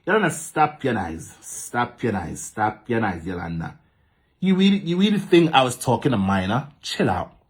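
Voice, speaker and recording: Animated Jamaican man ranting in patois. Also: medium pitch, normal speed, breathy edge. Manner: animated, repetitive, speaks in patois, talks back to commenters. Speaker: social media vlogger. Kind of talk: casual ranting monologue to camera.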